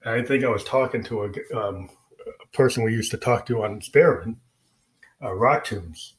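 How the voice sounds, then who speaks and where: A man's voice: lowish voice, normal speed. A man who is a musician, talking casually and rambling about his music with many fillers and restarts. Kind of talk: casual spoken explanation.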